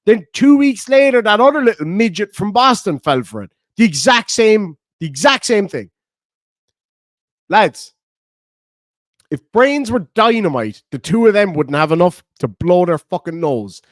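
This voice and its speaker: Animated high-voiced Irish man. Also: unhurried, no echo, studio quality. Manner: swearing, bantering, laughing often. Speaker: livestreamer reading donations. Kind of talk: casual livestream chat.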